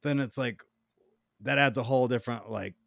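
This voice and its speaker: A man's voice: mid-range voice, a little fast, gravelly, fairly bright tone, no room sound. Rambling man on a dry podcast mic. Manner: rambling, acts out quoted friends in funny voices. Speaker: podcast co-host. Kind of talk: casual chat.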